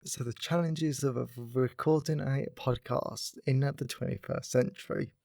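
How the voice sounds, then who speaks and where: A young man hosts a casual solo podcast, upbeat and rambling, with "like" in nearly every phrase. His mid-pitched voice is gravelly with vocal fry, a little mellow, steady in tone, and at normal speed. The audio is close and dry, with no echo or room sound.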